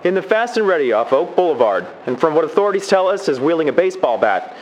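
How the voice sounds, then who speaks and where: A man voicing a brisk male TV news reporter in a storybook reading, with a quick broadcast delivery. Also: on the high side, sing-song, voice pushed up, rough recording. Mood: urgent.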